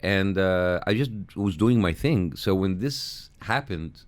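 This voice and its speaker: A man with an Egyptian accent, a comedian guest on a radio show, telling animated self-mocking stories with frequent restarts. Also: low-pitched, takes it slowly. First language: Arabic. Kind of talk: radio studio interview. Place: radio studio.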